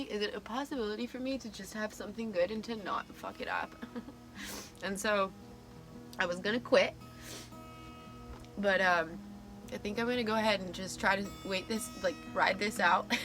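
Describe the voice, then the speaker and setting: A woman in her thirties talking in a confessional vlog, emotionally raw and near tears, halting, with nervous little laughs. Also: medium pitch, steady tone, a bit bright, soft background music. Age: 30s. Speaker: vlogger.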